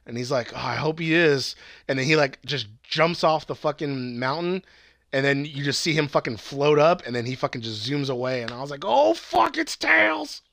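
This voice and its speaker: A man casually recapping a movie plot on a podcast, excited and rambling, swearing often and laughing at the funny parts. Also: medium pitch, brisk, dry recording. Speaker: podcast co-host reviewing movies.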